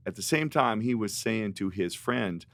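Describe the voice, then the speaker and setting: A middle-aged man, a guest musician, telling animated, rambling stories in a podcast interview. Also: fairly low pitch, moderate pace, creaky, no echo. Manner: animated storyteller, rambling with restarts.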